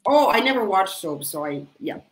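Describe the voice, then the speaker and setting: A woman hosting a casual interview, lively and quick to react with laughter. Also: medium pitch, a loud crowd. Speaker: podcast host. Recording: echoey room with background noise.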